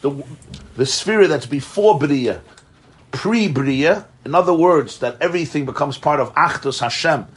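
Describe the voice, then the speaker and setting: Man, Torah class lecture, husky voice, slightly high pitch, lively explaining. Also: a little slow. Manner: animated, chuckles often, mixes in Hebrew terms. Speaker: Torah teacher.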